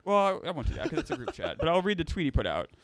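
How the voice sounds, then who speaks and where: A man co-hosting a sports betting show in a relaxed, wry manner. His voice sits a little high and is recorded dry and close, with no room sound. He often repeats words as he starts a sentence. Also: rapid-fire, dry recording. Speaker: podcast co-host. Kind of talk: casual sports betting chat.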